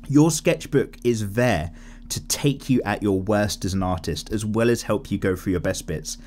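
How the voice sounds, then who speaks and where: Lively, rambling young man chatting. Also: fairly low pitch, slight background noise. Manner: rambling, chatty and candid with tangents. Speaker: art streamer reading viewer comments. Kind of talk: casual chat while drawing.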